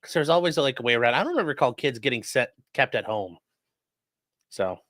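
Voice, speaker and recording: A man's voice: mid-range voice, expressive, fairly quick, a bit bright, no room sound. A man who is a defense attorney, giving loose, profane, chatty live-stream commentary on a trial.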